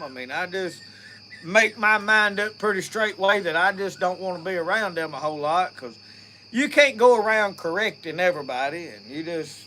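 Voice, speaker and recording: A man's voice: sits high, sharp tone, slight background noise. A middle-aged man with a Mississippi accent, hosting an outdoors live stream and chatting with viewers in a rambling, folksy way. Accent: Southern US, Mississippi. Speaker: outdoors channel host. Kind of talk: casual live-stream chat. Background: faint crickets and insects.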